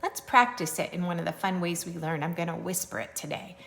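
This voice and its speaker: A woman teacher giving a recorded sight-word lesson to young children, spelling words slowly and clearly in a playful sing-song way. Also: fairly low pitch, a bit bright.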